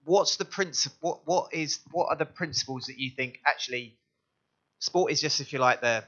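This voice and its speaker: A man hosting a question session at a live event, often stopping and restarting as he searches for his words. His tone is bright and forceful, at a middle pitch. The sound is muffled and lo-fi. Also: moderate pace. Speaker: event host. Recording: dull lo-fi live recording.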